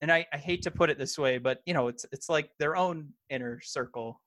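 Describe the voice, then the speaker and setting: A man co-hosts a casual wrestling podcast, talking hesitantly with plenty of fillers and restarts. His voice runs on the high side and a bit bright, fairly quick, with no room sound.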